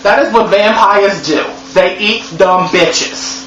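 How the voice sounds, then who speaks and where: A man reviewing a movie in a sassy, profane, animated comedy recap. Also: high voice, takes it slowly. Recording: echoey room, dull lo-fi sound, faint hum.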